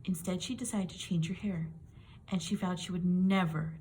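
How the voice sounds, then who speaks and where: Woman, storybook reader, gentle, clear, expressive, children's picture book read-aloud. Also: on the low side, normal speed, slight background noise.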